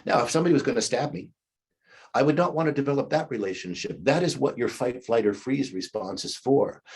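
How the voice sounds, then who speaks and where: A man in his fifties leads a leadership class in a recorded lecture, conversational in style, demonstrating the replies he recommends by acting them out. His mid-range voice is a little mellow with a breathy edge.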